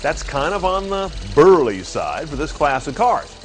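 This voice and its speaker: A man presenting a product review in a brisk, wry and opinionated way, with faint music behind him. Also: fairly high pitch, big pitch swings. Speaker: car reviewer. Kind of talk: scripted product review narration.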